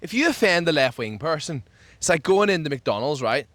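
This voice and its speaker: A man co-hosting a casual chat outdoors, ranting jokily with sudden jumps in pitch. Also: a little fast, no room sound. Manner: animated, jokey rant with sudden pitch jumps. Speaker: podcast co-host. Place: outdoors, people walking past.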